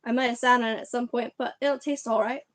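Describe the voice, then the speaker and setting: A woman voicing a huge, gruff but kindly male giant in a storybook reading. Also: fairly high pitch, fairly even intonation, fast, no room sound, close to an everyday voice. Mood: gruff hearty.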